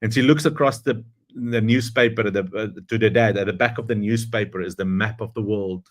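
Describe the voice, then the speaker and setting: A man speaks in a fairly low voice, delivering a motivational speech with earnest conviction. He tells a story as he goes and leans hard on the phrases he wants to land. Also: steady tone, fairly quick. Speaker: guest speaker.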